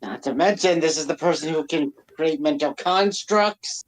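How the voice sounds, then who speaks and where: A man's voice: a little high, normal speed. A man playing a tabletop game, earnest and eager in casual chat. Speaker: player.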